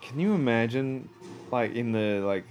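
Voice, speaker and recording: Joking man, mid-pitched voice. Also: lively intonation, unhurried, darkish tone, faint music behind. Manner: joking, laughs often. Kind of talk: casual chat.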